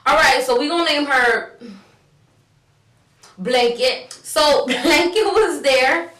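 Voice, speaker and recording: Young New woman vlogger, high-pitched, lively and slangy, a bit distant from the mic in a roomy space. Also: takes it slowly. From New York. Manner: animated, slangy, acts out dialogue. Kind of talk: casual storytime. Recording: roomy, set back from the mic.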